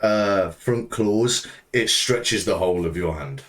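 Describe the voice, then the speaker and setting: A man narrating a tabletop game as game master, relaxed and often repeating words while he thinks. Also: lowish voice, takes it slowly.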